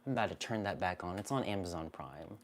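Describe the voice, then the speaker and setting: Soft-spoken man giving intuitive readings. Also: sits low. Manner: gentle, soothing, repeats himself. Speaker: spiritual card reader, live stream host. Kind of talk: live-streamed intuitive reading.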